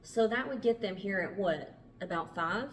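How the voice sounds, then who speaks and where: A woman's voice: mid-range voice, lively intonation, normal speed, a little hiss or hum, natural voice. A woman reading the lines of an anxious, hopeful man who keeps pressing for reassurance. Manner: earnest, persistent questioning.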